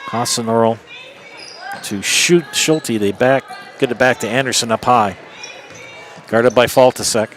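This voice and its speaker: A man calling a high school basketball game play-by-play, brisk, and rising for big plays. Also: a bit bright, slight background noise. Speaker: play-by-play announcer.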